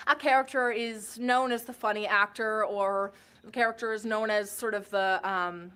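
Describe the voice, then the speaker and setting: A woman's voice: mid-range voice, steady tone, moderate pace, a bit bright, clear, resonant tone. Earnest woman giving acting tips. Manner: earnest and instructive. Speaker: acting instructor in a video. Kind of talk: tutorial talk to camera.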